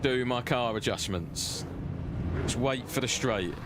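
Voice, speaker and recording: A man streaming a sim racing game live, chatting and joking with his viewers as he drives, his voice close and loud on his own desk mic. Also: medium pitch, unhurried, very noisy. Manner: chatty, banters with chat, cheeky. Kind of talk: live-stream gameplay commentary.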